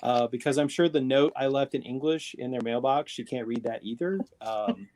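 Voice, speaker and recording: A man's voice: medium pitch, normal speed, darkish tone. A man chatting casually on a live video call, rambling with fillers and restarts, speaking into a tablet microphone. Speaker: panelist on a live video show. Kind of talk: casual chat.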